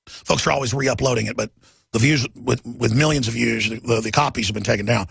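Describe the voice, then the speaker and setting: A man's voice: medium pitch, a little fast, vocal fry, fairly bright tone, slightly rough, no echo. A middle-aged man hosting a talk radio show, ranting in an agitated monologue full of rhetorical questions.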